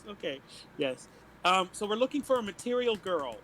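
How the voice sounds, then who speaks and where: A man's voice: high voice, very animated, normal speed, a bit bright, slight background noise, poor audio. A man playing a tabletop game, playful and giggly, joking in character. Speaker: player.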